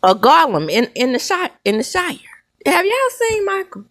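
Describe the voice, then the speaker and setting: A middle-aged woman with a Southern accent, hosting a sassy, animated commentary show with drawn-out emphasis. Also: very high-pitched. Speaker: host. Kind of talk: casual commentary.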